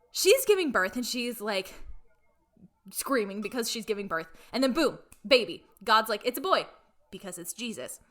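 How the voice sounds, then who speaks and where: Bright-voiced woman, chatty podcast host. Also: mid-range voice. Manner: chatty, filler-heavy, acts out characters' lines. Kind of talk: casual chat, retelling a film plot.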